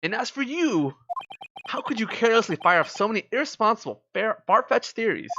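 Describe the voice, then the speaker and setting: A streamer voicing an excitable, polite young woman assistant in a visual novel, in an eager, raised voice. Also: medium pitch, a little fast, muffled recording, slight background noise, voice pushed up. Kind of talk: reading visual novel lines aloud. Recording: game music playing behind. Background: game music.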